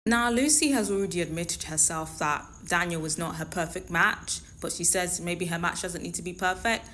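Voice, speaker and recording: A woman speaks in a slightly low voice, hosting her own commentary show. She talks in a conversational, emphatic and opinionated way, pressing her points home. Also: moderate pace, a bit bright, a little hiss or hum. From London. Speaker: show host. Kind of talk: reality TV commentary.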